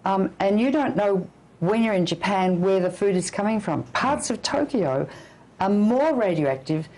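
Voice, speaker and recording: A woman's voice: medium pitch, animated, normal speed, darkish tone, poor audio. An older woman physician giving an interview, talking emphatically and issuing blunt warnings. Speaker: physician and anti-nuclear campaigner. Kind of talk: interview guest.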